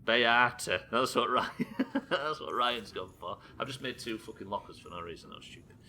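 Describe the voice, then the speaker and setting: Giving live gameplay commentary, a young man from Britain chats with his viewers, reads their messages out and swears plenty. His mid-range voice has a sharp tone at a normal speed, with slight background noise.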